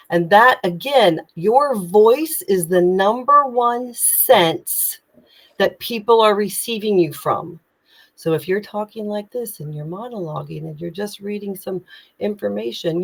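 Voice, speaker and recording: During a live online session, a woman communication coach shares tips in a medium-pitched voice. She projects emphatically, full of energy and urgency.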